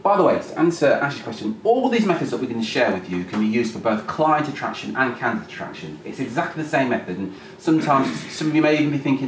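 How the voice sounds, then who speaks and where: A man presenting a live seminar to a room, lively and acting out phone calls. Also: medium pitch, fast talker, hardly any pauses. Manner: animated, acts out phone calls. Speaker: workshop presenter. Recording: roomy, distant mic, faint noise.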